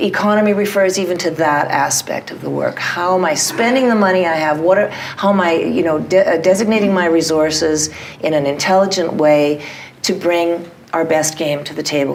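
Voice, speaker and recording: A middle-aged woman, a theatre director, answering interview questions in an animated, self-deprecating way, with frequent restarts. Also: low-pitched, normal speed, slight background noise.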